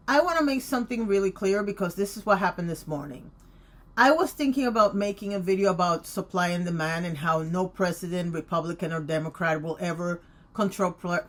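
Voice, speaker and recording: A woman in her late fifties hosting her own channel, talking to camera in an emphatic, outspoken way. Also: medium pitch. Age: 50s. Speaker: vlogger. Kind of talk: casual opinion talk to camera.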